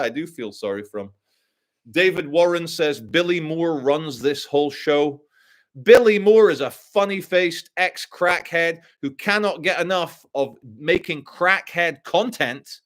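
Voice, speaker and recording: A male live-stream host with a voice somewhat higher than most men's. He rambles through his commentary with crude, sarcastic asides. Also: a bit bright.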